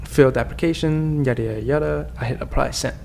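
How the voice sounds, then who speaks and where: Podcast guest, man, mid-pitched and gravelly, candid storyteller. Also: fast talker, darkish tone, slight background noise. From China. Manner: earnest, candid, with frequent restarts. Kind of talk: personal storytelling in conversation.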